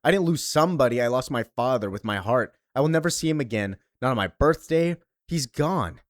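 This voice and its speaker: A man's voice: mid-range voice, expressive, a little fast, dry recording, natural voice. Man voicing a bitter, grieving girl, pleading, dry sound. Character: grieving girl seeking revenge.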